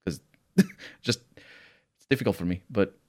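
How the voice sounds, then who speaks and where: A man's voice: lowish voice, measured pace, a little mellow. A man in casual chat who speaks English as a second language and laughs often. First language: not English.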